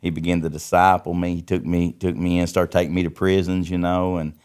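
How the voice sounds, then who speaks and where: Man, middle-aged, very low voice, folksy testimony, repeats himself. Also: little pitch movement, brisk, darkish tone, smooth. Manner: folksy, repeats words as he tells stories. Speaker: podcast guest, recovery ministry founder. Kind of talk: casual testimony storytelling.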